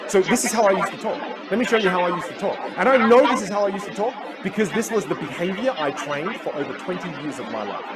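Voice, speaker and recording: A communication coach whose first language is Teochew delivers a keynote with energetic storytelling. His voice sits a little high and leaps all over its range. The live recording carries loud crowd noise and ambience. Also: quick pace, few pauses. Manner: animated storyteller who acts out voices. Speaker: public speaker and communication coach. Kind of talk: keynote talk.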